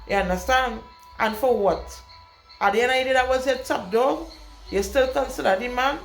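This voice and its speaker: A woman's voice: sits high, brisk, a bit bright, soft background music. A young woman, vlogging an emphatic, blunt rant to camera, repeating her points for weight. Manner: emphatic, repetitive, speaks her mind bluntly. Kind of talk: casual storytime rant to camera. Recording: echoey room with faint background noise.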